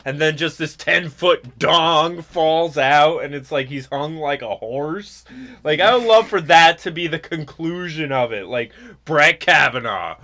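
A man's voice: on the high side, measured pace, sharp tone. A man hosting a political talk show, ranting sarcastically and mimicking others. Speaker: podcast host. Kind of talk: political commentary chat.

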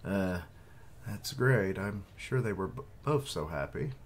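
Deep-voiced man reacting to a comic live. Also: expressive, measured pace, a little hiss or hum. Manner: hesitant, with fillers and asides. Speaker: manga reaction streamer. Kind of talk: casual live reading and commentary.

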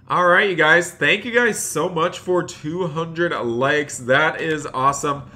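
Male game streamer, bright and forceful, chatty with viewers, light typing noise behind. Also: a little high. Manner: chatty, talks to chat while playing a bank clerk. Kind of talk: live game role-play commentary.

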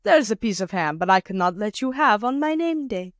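A woman voicing a peasant woman who is calm and shrewd and speaks in a matter-of-fact way while she haggles. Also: mid-range voice, brisk, no echo, studio quality, natural voice.

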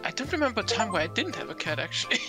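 A man's voice: sits high, sing-song, very fast, gravelly. Chatty man in a group game session, rambling delivery over audible music. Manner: rambling, restarts, teasing. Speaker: panelist. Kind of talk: casual chat while gaming.

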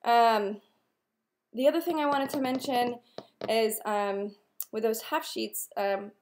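A woman's voice: fairly high pitch, slow, darkish tone, a little hiss or hum. A young woman talking casually to camera as a nail wrap consultant, chatty and upbeat, with lots of filler ums. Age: young adult. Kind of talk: casual direct-to-camera vlog.

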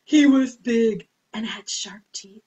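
A woman's voice: fairly high pitch, takes it slowly, dull audio, heavy background noise. A woman hosting a children's storytime, singing songs and talking to small children in a sing-song, exaggerated manner. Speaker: children's librarian.

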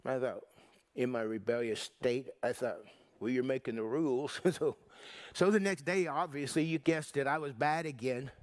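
A man preaching a sermon, telling a personal story in a folksy, halting way with many restarts. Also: mid-range voice, no echo. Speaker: pastor.

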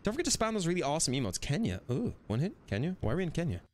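A man's voice: fairly high pitch, big pitch swings, rapid-fire. A man live-streaming a VR shooter, bantering with his chat in a crude, playful way. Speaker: game streamer.

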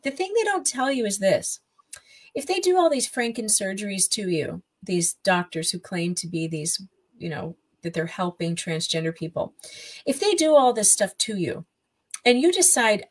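A woman's voice: mid-range voice, animated, normal speed, poor audio. Indignant, emphatic woman podcast guest. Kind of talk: conversational podcast interview.

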